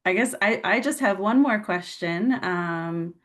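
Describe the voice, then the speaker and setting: A woman's voice: mid-range voice, animated, measured pace. A woman moderating a webinar, polite, often restarting her questions. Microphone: video call.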